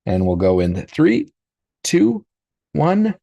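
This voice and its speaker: A man's voice: a little high, huge pitch swings, slow, creaky, mellow, highs cut off, a little hiss or hum. A man in his forties hosting a live podcast reaction stream, talking casually and rambling with frequent fillers. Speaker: podcast host.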